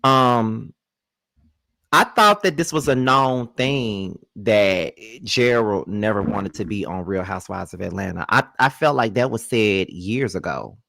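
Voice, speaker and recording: A man's voice: on the low side, lively intonation, a little slow, creaky, a bit bright, no echo. A man hosting his own commentary channel, ranting bluntly and profanely about a celebrity feud. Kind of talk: reaction commentary.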